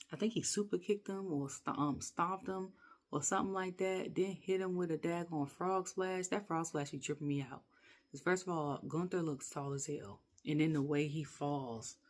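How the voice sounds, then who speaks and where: Woman, casual rant, rambling, animated, laughing often. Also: sits low. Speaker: wrestling reviewer.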